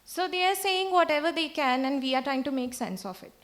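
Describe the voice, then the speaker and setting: High-voiced woman lecturing. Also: a little fast. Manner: explanatory, checks in with "right?" often. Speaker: speech-language pathologist lecturer. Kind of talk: conference lecture.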